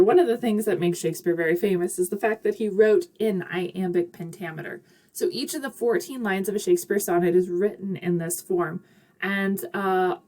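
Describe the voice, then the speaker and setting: A woman's voice: mid-range voice, mellow. A woman teaching a recorded literature lecture in a chatty, upbeat way, with casual asides and frequent fillers. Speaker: literature instructor.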